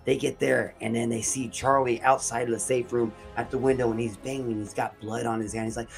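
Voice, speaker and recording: A man's voice: mid-range voice, little pitch movement, fairly quick, gravelly, few pauses, faint music behind. A man casually retelling a horror movie plot in long run-on sentences, swearing now and then. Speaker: storyteller.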